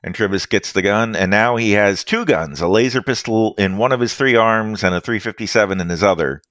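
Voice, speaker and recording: A man narrating as game master of a tabletop role-playing game, lively and playful. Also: on the low side, fairly quick, no echo, studio quality. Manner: lively, doing character lines between narration.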